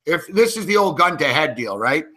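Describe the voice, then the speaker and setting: Male betting-show co-host, high bright voice, profane rants. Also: big pitch swings, normal speed. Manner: profane, ranting, worked up. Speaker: co-host and sports handicapper. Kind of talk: casual sports betting chat.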